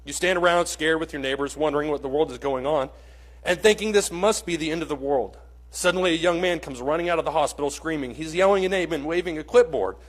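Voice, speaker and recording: Husky man telling a vivid story. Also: fairly high pitch, fast talker. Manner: earnest and vivid, addressing listeners directly. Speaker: Bible class teacher. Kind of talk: dramatic storytelling to a class. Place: church classroom.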